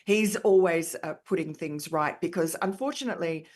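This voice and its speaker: Low-voiced Australian woman, emphatic. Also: normal speed, darkish tone. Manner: frequent fillers, emphatic. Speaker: author and columnist guest. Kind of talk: conversational interview answers.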